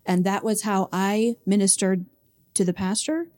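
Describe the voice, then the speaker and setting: Pastor's wife, mid pitch, mellow tone, reflective and heartfelt. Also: female voice, fairly even intonation, unhurried. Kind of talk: interview answers.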